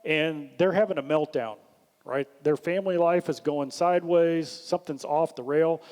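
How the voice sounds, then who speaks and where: A man giving a leadership workshop talk, animated, acting out the questions he suggests. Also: on the high side. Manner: animated, acts out questions in a lifted voice. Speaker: workshop speaker. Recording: long hall reverb.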